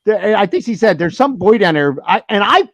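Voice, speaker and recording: A man hosting a podcast, telling animated party stories in casual banter, swearing and laughing often. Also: sits high, brisk, no room sound. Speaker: podcast host.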